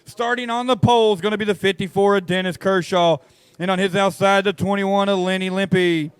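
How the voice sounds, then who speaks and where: Excitable high-voiced race announcer man. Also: a little fast, clean tone, no room sound. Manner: excitable, joking with the crowd, folksy. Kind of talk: live race commentary over a PA.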